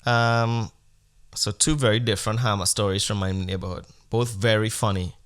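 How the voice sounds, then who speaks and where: A man's voice: lowish voice, steady tone, normal speed, fairly bright tone, clear, resonant tone. Male comedy podcast host, rambling storyteller, profane and mock-earnest.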